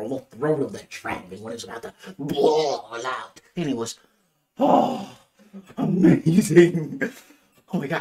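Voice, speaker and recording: A man's voice: a little high, darkish tone, slightly rough. Gushing, swearing male movie reviewer. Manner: gushing, profane, exclamatory. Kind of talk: excited movie rant.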